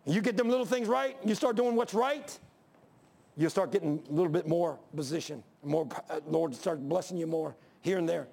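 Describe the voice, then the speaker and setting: Here an older pastor gives a sermon, his voice high and gravelly as it fills the church. He circles back again and again to one point in a folksy, emphatic manner, speaking at a normal speed with a slightly mellow quality.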